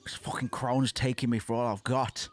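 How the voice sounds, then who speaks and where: A man commentating on his own gameplay, swearing often and getting frustrated, sometimes chanting words loudly. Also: medium pitch, steady tone, normal speed, soft background music. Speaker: gaming streamer. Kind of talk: casual let's play commentary.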